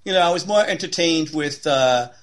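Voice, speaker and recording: A man co-hosts a podcast in relaxed, casual conversation. He rambles, piling up fillers as he works toward his point, and his voice sits a little higher than most men's. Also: moderate pace. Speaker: podcast co-host. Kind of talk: casual chat.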